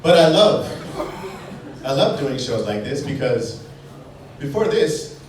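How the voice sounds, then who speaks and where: A man's voice: mid-range voice, sing-song. Wry man doing stand-up in a bar. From Chicago, USA. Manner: wry, playful, quick jumps into put-on voices. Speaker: stand-up comedian. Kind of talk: stand-up comedy set. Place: bar stage in a brew pub. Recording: distant, echoey, noisy live bar recording. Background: audience laughter and bar noise.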